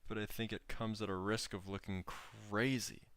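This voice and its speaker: A young man talks viewers through a drawing in an unhurried, easygoing way, chatting as he works. His voice sits a little low and comes across smooth and clear. The sound is close and dry, with no room around it. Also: flat delivery, fairly bright tone, no echo. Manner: easygoing, chats with viewers while working. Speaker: streamer teaching drawing. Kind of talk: laid-back livestream drawing commentary.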